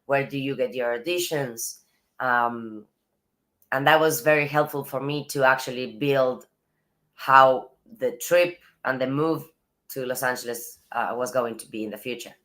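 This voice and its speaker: An Argentine woman with a strikingly low voice, speaking English as a second language after Spanish. She talks as a guest in a casual interview, thoughtful and relaxed. Now and then she slips in a soft laugh between phrases. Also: unhurried. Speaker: actress, guest.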